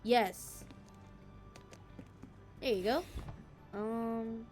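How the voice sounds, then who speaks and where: High, cutesy-voiced young woman streamer. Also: fairly even intonation, a little mellow, soft background music. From Philippines. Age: young adult. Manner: deliberately cute, girlish voice. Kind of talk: casual gameplay chat.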